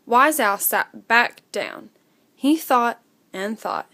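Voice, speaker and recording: A woman reads a children's story aloud in an expressive, unhurried way and acts out the sound effects herself. Her voice is fairly high and moves widely in pitch, and she takes her time.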